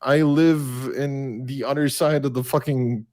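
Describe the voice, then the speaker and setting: Halting male caller. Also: mid-range voice, fairly even intonation, a little mellow. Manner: halting, many restarts and fillers.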